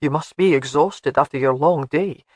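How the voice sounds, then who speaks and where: A narrator voices a gruff Highland laird from a storybook, teasing and sure of himself. He speaks low and slow with a lilt. The sound is dry and close. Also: dry recording, lightly acted.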